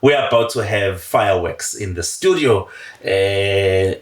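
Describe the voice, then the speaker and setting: A South African man co-hosts a relaxed studio podcast, talking in an easy, chatty way and mixing Zulu with English. His voice sits on the low side. The room gives off a noticeable echo. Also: unhurried, slight background noise. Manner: switches between Zulu and English, leans on "you know". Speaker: podcast co-host. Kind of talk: casual studio chat.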